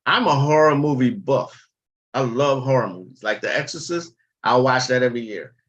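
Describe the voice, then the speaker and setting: A man's voice: mid-range voice, normal speed, fairly bright tone, highs cut off. A man hosting a casual livestream, talking bluntly and chattily and swearing freely. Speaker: livestream host.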